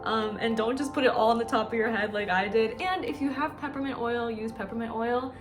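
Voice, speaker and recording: A woman's voice: fairly high pitch, fairly even intonation, a little fast, soft background music. A woman who works as a dietitian, talking candidly and emotionally in a chatty personal vlog.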